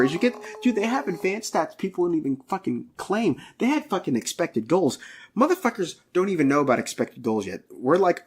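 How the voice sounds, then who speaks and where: A man's voice: medium pitch, slightly rough. A man co-hosting a casual podcast, ranting in an exasperated, profane way. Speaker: podcast co-host.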